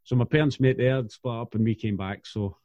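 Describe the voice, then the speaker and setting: Mellow man on a dull line. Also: mid-range voice, brisk, no echo. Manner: blunt and sweary, friendly banter. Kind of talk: casual podcast chat. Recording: dull, lo-fi dry sound.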